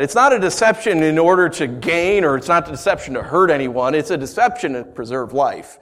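Animated male pastor preaching. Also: fairly high pitch, normal speed. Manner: animated, acts out the scenes in voices. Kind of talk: sermon.

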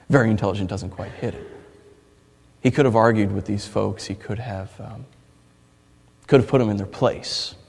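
A man preaching a sermon as pastor, swinging between loud impassioned stretches and quiet hushed ones, with stammered restarts. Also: on the low side, fairly even intonation, normal speed, creaky, long pauses, slightly rough. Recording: long reverb of a large hall.

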